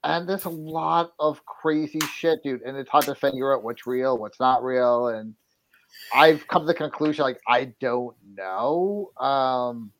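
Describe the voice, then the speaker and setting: A man's voice: medium pitch, measured pace, slight background noise, poor audio. A man in casual podcast chat, speaking in a hesitant, thoughtful way with many fillers.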